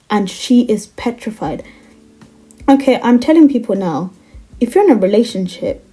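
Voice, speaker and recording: A woman casually recapping a manga in an animated, exasperated rant, filling her talk with "like". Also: medium pitch. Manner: animated and exasperated, heavy use of "like". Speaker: anime commentator.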